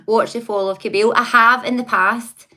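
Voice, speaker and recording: A woman with a fairly high, sharp-toned voice hosts a casual livestream, chatting, laughing often, and talking back to her viewers.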